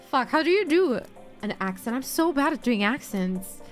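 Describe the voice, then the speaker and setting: A woman's voice: high-pitched, very animated, moderate pace, soft background music. A woman streamer chatting casually with her viewers, playful, laughing often and swearing now and then.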